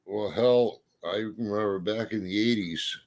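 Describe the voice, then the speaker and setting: A man's voice: lowish voice, measured pace. A man in a casual chat, telling folksy stories with a drawl and mild cursing. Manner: folksy storyteller, drawling, swears mildly.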